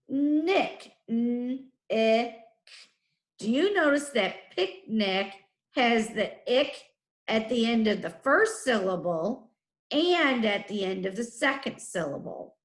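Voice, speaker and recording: A woman teaching a recorded phonics lesson to first graders, drawing out each sound slowly and clearly. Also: on the high side, very animated. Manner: slow, clearly drawn-out letter sounds. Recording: echoey room.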